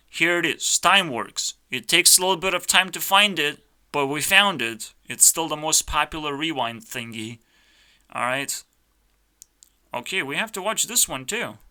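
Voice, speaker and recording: A man reacting live on camera, brash and mock-arrogant, swearing as he rants. His voice sits a little high and sounds very sharp and tense. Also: clear, resonant tone. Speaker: YouTuber. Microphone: headphones on, desk mic.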